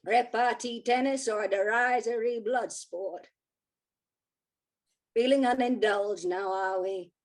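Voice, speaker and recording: A woman's voice: a little high, slow pace, long pauses, low-quality recording. A woman reading her own poem in a put-on American accent, voicing a jaded, witty, tipsy woman poet with a dry, sardonic delivery over a video call. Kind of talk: dramatic poetry reading in character.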